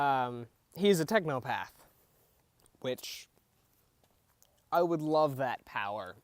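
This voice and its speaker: A young man hosting a casual show where he recaps TV episodes, talking haltingly with many fillers and restarts, opinionated. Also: medium pitch, smooth, no room sound. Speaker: podcast host reviewing TV episodes.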